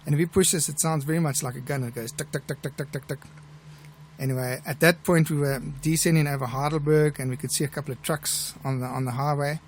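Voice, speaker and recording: A middle-aged South African man with a gravelly, fairly high voice hosts a live show. He tells stories in a chatty, relaxed way, with restarts here and there. There is a faint hiss under his voice. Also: fast talker, few pauses. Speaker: airline pilot and show host. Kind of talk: live show chat and anecdote telling.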